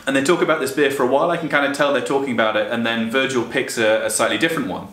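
A man's voice: mid-range voice, fairly even intonation, rapid-fire, a bit bright, roomy sound. A young man chatting casually, reading out stories and often breaking into laughter at them. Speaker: vlogger.

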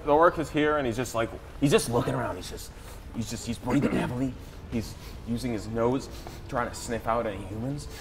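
A man's voice: mid-range voice, a little fast, creaky, a loud crowd. A young man narrating a tabletop game as game master, describing scenes with dramatic flair and frequent restarts.

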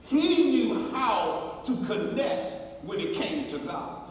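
Impassioned pastor preaching a eulogy in an echoey church. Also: male voice, very high-pitched, slow, lo-fi sound. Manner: animated preaching with repetitions and storytelling. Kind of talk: eulogy sermon. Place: church sanctuary. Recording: echoey church hall recorded from far off, crowd audible. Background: congregation.

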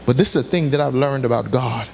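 A man's voice: medium pitch, fast talker, vocal fry, slight background noise. A man preaching a passionate sermon in a church, tossing out call-and-response asides to the congregation. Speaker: pastor. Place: church sanctuary.

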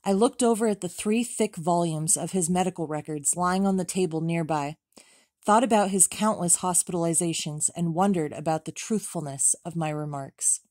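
Female reader for a memoir audiobook; measured, even delivery, slightly low pitch, dry booth sound. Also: no echo. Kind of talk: reading a memoir aloud.

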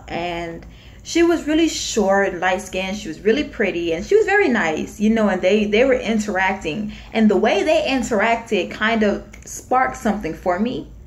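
A young woman from Florida tells a personal story straight to her viewers in an easy, conversational vlog voice. She sits at a mid pitch and slips into quick, lively impressions of what others said. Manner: chatty, animated retelling with acted-out quotes. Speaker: vlogger. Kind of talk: casual storytime.

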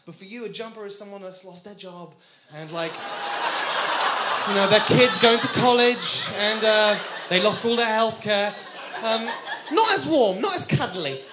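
A man from France with a British accent performing a stand-up comedy set, shouting his punchlines. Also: high voice, moderate pace. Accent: British English. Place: comedy club with audience. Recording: roomy live club recording with audience noise.

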